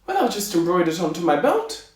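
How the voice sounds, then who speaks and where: A vain, excitable little tailor from a storybook, as a man puts him on. His voice jumps way up high and squeaky, all bluster and self-praise in a strange put-on accent. It was recorded in a roomy, echoey space. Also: takes it slowly, heavily acted. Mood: self-satisfied. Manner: squeaky, exclaiming, self-satisfied. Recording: echoey room.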